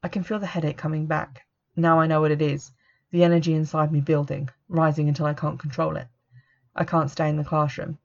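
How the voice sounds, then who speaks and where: Gravelly-voiced woman narrating. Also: low-pitched, little pitch movement, brisk, a little mellow. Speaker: audiobook narrator. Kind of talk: first-person audiobook narration. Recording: dull lo-fi recording.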